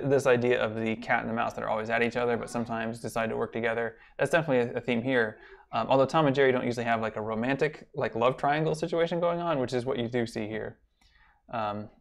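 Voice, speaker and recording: A man's voice: mid-range voice, gravelly. A man teaching a college class online in a loose, rambling way, with many fillers and restarts. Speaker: college instructor. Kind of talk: casual online lecture.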